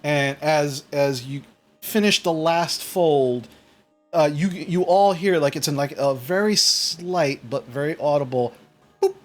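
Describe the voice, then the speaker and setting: A man's voice: on the high side, a little slow, soft background music. A man narrating a tabletop game as game master, rambling with restarts. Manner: rambling, full of fillers and restarts.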